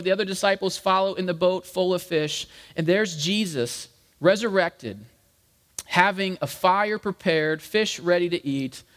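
High-voiced pastor in an echoing hall. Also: male voice, fairly bright tone. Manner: casual, jokey, addresses the congregation as guys; acts out quoted lines. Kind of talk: conversational sermon. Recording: long hall reverb.

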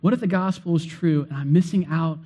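Male pastor, higher register, emphatic sermon delivery with repetition and slowed stress. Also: mellow. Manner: emphatic, repeats phrases, slows for emphasis.

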